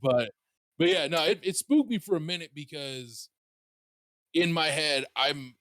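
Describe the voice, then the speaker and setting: A man casually telling a story on his show, rambling and animated, swearing freely. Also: mid-range voice, no room sound, clean studio sound. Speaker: streamer and podcast host.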